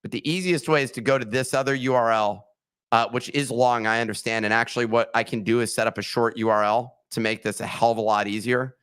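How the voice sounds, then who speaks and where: A man co-hosting a casual podcast chat, talking in an animated way and walking listeners through steps. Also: medium pitch, fast, smooth. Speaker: podcast co-host.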